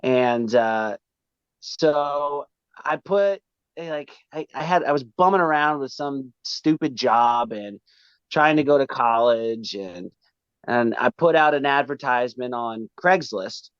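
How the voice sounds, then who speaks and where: A male rock vocalist chats as a guest, telling stories in a loose, rambling way. His middle-pitched voice comes through a dull, muffled call line with no room sound at all. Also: takes it slowly, clear, resonant tone, dry recording. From Pennsylvania, raised in New England. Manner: rambling storyteller. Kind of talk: casual interview chat.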